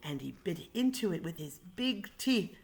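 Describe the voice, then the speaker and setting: A woman reading a picture book aloud in an animated way, pointing out the pictures to her listeners. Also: on the low side, moderate pace. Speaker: reader.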